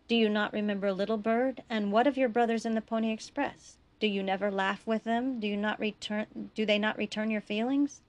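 A woman voicing a kind Kiowa man who gently and earnestly urges his grieving brother to choose life. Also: mid-range voice, fairly even intonation, a little fast, few pauses, close to an everyday voice. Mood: urgent, tender.

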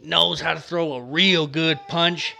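Young male podcast host, bright high voice, profane and fired-up, yells, then jokes. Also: unhurried, gravelly, slight background noise. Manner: profane, fired-up, yelling at times; relaxed and joking between rants. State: dry throat from yelling. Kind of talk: motivational casual talk.

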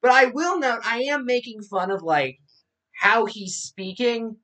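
A woman's voice: a little high, unhurried, fairly bright tone. A woman giving casual political commentary in a blunt, sarcastic way.

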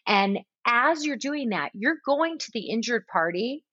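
A woman coaching on parenting in casual conversation, animated, often acting out what a parent says to the children. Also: a little high, normal speed, hardly any pauses, husky, no echo. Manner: animated, acts out soothing parent dialogue. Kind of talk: conversational advice. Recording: slightly dull, dry recording.

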